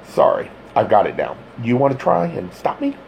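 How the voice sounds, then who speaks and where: A man's voice: mid-range voice, huge pitch swings, normal speed, vocal fry, darkish tone, slight background noise, voice pushed up, rough recording. A man narrating an audiobook plays a blunt, insistent male police detective. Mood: cold. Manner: blunt, controlled.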